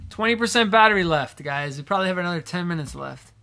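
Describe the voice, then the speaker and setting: High, bright-voiced man chatting on a stream. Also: animated, fast, vocal fry, soft background music. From Massachusetts. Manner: chatty, reads out viewer comments. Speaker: pianist streaming live. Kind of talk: casual live-stream chat. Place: home studio.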